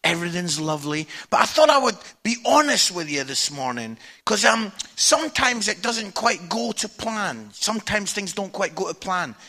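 A man in his forties preaching a sermon from a church stage, telling personal stories in a candid, humorous, animated way. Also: high voice, moderate pace, hardly any pauses.

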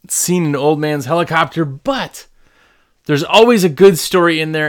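Man, small business owner, casual storytelling, rambling, animated, clear smooth voice, slightly high. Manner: rambling, animated, with many fillers and restarts.

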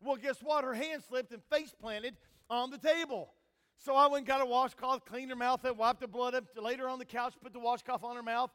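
A high-pitched older man preaches in a church sanctuary. His voice rings with a long hall reverb as he moves from loud emphatic calls to hushed asides. He mixes scripture reading with homespun family stories. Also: steady tone, fairly quick, clean tone. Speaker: pastor. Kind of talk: sermon.

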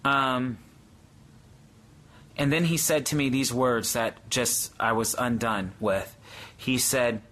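Brief: male Christian speaker, unhurried, earnest and awed testimony, mid-pitched voice. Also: fairly even intonation, a bit bright. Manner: earnest, awed storytelling with frequent hesitations. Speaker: Christian speaker sharing a vision. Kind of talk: livestream testimony, answering viewers.

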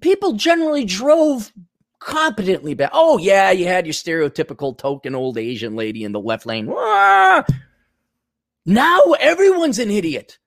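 A man's voice: high-pitched, sing-song, normal speed, no room sound. Sarcastic podcast guy swearing through a rant, voice jumps up and down a lot, dry close mic. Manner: profane, sarcastic ranting. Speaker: podcast host. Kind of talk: ranting podcast chat, reading donations.

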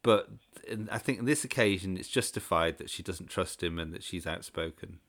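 Man co-host, casual chat, measured, thoughtful. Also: low-pitched, a bit bright. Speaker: podcast co-host.

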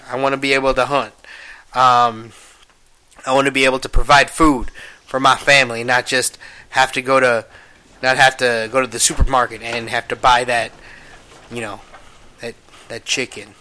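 A young man hosting a podcast, rambling casually and cursing a lot, swinging between low mumbles and loud exclamations. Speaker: podcast host.

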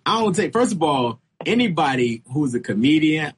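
A man co-hosting a comedy podcast, telling casual stories in an animated way, jumping into high exclamations. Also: normal speed, a little hiss or hum. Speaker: podcast co-host.

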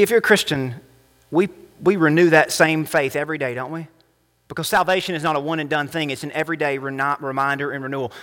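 A male pastor preaching a sermon and leading a prayer, impassioned, rising to emphatic peaks and dropping soft. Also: fairly high pitch. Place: church sanctuary. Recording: long reverb of a church hall.

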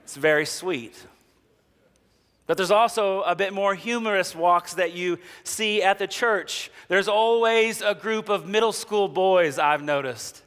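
High-voiced man preaching in a reverberant hall. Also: unhurried, fairly bright tone, clean tone. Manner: humorous storytelling, acts out quoted characters. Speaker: pastor. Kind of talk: sermon.

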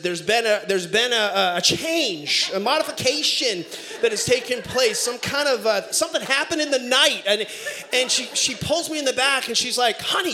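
A middle-aged man preaching a sermon as pastor, telling family stories in an animated way with bursts of shouting. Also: high-pitched. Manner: animated storytelling, breaks into shouts and laughter. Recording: echoey room.

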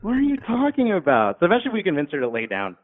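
Man telling stories over a tinny line. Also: racing. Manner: animated, acts out drunk patients in high voices. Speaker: guest, former paramedic. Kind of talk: casual storytelling. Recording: tinny phone-like sound.

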